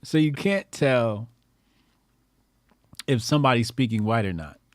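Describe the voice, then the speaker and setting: A man's voice: medium pitch, expressive, a little slow, dry recording, studio quality. A man co-hosting a podcast in casual chat, teasing and pressing his partner with questions. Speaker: podcast co-host.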